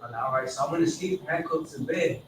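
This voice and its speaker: A man with a slightly high voice talks quickly as he shares his recovery story with a group, rambling, swearing, repeating himself and acting out quoted dialogue. He's recorded from a distance in an echoey room with background noise.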